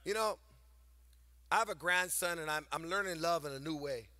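An older man preaching a sermon to a congregation, animated and sing-song, swinging between loud emphasis and quiet storytelling. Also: on the high side, normal speed, no room sound. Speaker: pastor. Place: church sanctuary before a congregation.

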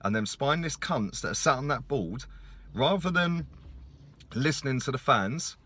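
A man's voice: mid-range voice, animated, normal speed, pushed and bright, breathy edge. A middle-aged man, ranting furiously in a sweary vlog monologue and punctuating points with "yeah?". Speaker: football fan vlogger.

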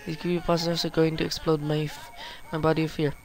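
A man giving excitable gameplay commentary, swearing and reading game text aloud. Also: a little high, quick pace, soft background music. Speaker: gaming video host.

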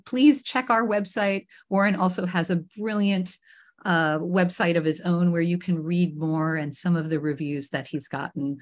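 Woman host from Queens, lower-pitched, gushing and restart-prone, talking through a video call. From Queens, New York. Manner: enthusiastic, effusive, with frequent restarts. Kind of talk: hosting a live online talk show.

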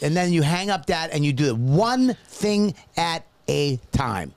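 A man co-hosting a comedy podcast, ranting loudly and laughing. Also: a little high, measured pace, hardly any pauses, dry recording. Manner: loud, animated ranting with bursts of laughter. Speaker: podcast co-host. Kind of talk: comedic banter.

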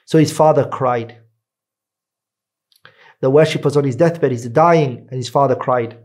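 Earnest male preacher, mid-pitched voice. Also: a little mellow. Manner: recites Arabic lines quickly, then translates into English more slowly. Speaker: Islamic teacher. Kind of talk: sermon storytelling with Arabic quotes and translation.

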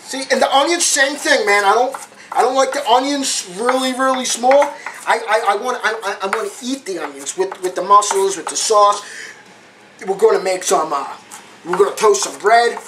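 A man's voice: high voice, normal speed, background noise. A man hosting a casual cooking demonstration, chatty and repeating his phrases with street slang. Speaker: home cooking show host.

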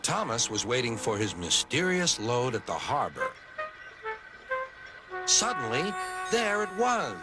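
A man's voice: medium pitch, unhurried, long pauses. An American man narrates a children's story, his voice rising and falling a great deal. Music plays under his reading throughout. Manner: animated, expressive storytelling.

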